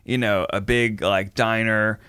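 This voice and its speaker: A man's voice: lowish voice, fairly even intonation, a little slow, sharp tone, smooth, no echo, studio quality. A man in his thirties co-hosting a parenting podcast, chatting casually and reading baby milestones aloud in a playful way. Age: 30s. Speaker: podcast co-host. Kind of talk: casual chat.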